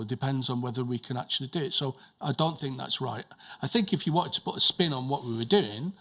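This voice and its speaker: A man testifies as a witness in a hearing room, answering slowly and carefully. His voice is bright and forceful. He restarts his sentences often and repeats words while he searches for the right phrasing. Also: medium pitch. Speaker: witness giving evidence. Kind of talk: answering questions at a formal inquiry.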